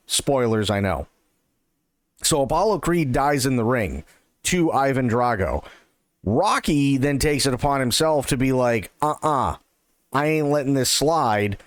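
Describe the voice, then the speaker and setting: A man hosting a livestream, chatting casually in a rambling, animated way, full of fillers and swearing, hyped up on caffeine. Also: medium pitch, no room sound. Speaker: livestream host. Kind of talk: casual streaming chat.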